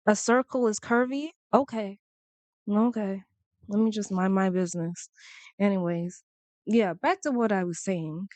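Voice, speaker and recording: A woman's voice: mid-range voice, unhurried, a little mellow, no echo. A young woman chatting casually to her channel, rambling and laughing as she goes. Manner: chatty, rambling, laughs often, quotes people in voices. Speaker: vlogger. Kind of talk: casual chat to camera.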